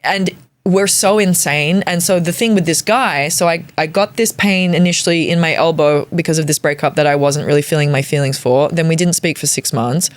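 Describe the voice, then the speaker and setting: Comedian in her forties, low-ish voice, lively comic storyteller who swears casually. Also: brisk, no echo. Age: 40s. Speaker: comedian guest.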